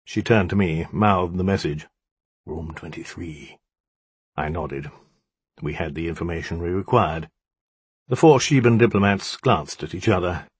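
A man's voice: sits low, normal speed, husky, no echo. A man narrating a story in a wry, dramatic storytelling manner. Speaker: audiobook narrator. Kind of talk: scripted narration.

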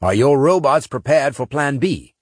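A man voices a terse, commanding male gunnery sergeant for an audiobook, speaking at medium pitch and a moderate pace with lively intonation. His voice sounds natural but pushed up, captured in a dry, clean studio recording.

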